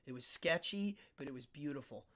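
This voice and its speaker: A man's voice: mid-range voice, lively intonation, fairly quick, sharp tone. A man hosting a live internet show, chatting casually and rambling with frequent laughs. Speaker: host. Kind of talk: casual live-stream chat.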